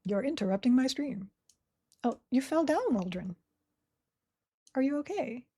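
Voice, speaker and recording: A woman's voice: high-pitched, animated, a little slow, warm tone, breathy edge. A woman streaming a game live, chatting casually with her viewers and her game characters and giggling often. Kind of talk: casual live gameplay commentary.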